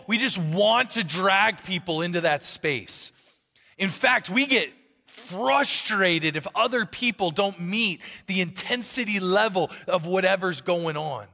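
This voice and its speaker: A man preaching a sermon as pastor, animated and conversational, acting out quotes from the people in his stories. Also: high-pitched, long reverb tail.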